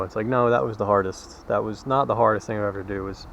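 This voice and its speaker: A man's voice: lowish voice, fairly even intonation, fairly quick, vocal fry, fairly bright tone, muffled recording, slight background noise. A man vlogging while out walking, rambling candidly in a casual monologue and swearing freely. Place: outdoors, walking.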